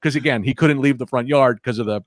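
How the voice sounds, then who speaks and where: A man on a casual comedy podcast, telling rambling, animated stories from his childhood. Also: mid-range voice, fast, no echo, studio quality. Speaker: comedian guest.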